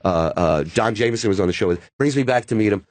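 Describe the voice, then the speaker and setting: A man who is a stand-up comedian, telling an animated story in casual chat. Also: lowish voice, quick pace, no echo. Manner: animated storyteller with many quoted voices.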